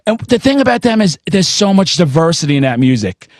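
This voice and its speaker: A man in his forties hosting a casual metal chat, loud and intense, telling excitable stories with plenty of swearing. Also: a little high, fairly quick, no echo, studio quality. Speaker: podcast host.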